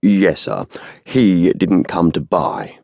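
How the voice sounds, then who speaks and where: A man reading the part of a blunt, gruff police constable who rumbles his words and uses rough grammar. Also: very animated, slow, darkish tone, dry recording, dull audio, exaggerated voice. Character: gruff stolid male London constable.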